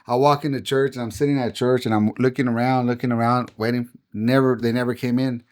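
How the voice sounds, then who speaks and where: A man's voice: medium pitch, flat delivery, quick pace, a little mellow. A middle-aged man, a pastor, telling his personal testimony as a podcast guest in an earnest, heartfelt way.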